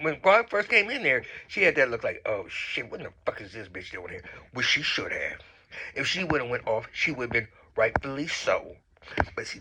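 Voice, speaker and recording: A man's voice: medium pitch, noisy background. A man giving a casual, profane rant about a reality show, acting out quotes with lots of swearing and sounding a little tipsy. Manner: animated, swearing, acts out quotes. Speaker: reality TV commentator.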